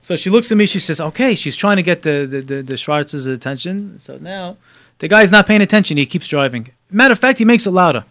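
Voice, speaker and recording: A middle-aged man tells a story in an easy, casual way. He stumbles through fillers and restarts, then rises with animation at the exciting parts. His voice sits fairly high and sounds dry and close. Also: fairly quick, dry recording. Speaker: guest telling a story.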